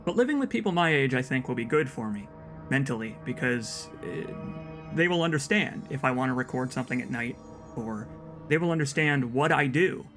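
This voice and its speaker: A man's voice: medium pitch, expressive, fairly quick, a bit bright, soft background music. A young man giving casual let's play commentary, rambling and stumbling over repeated words as he talks.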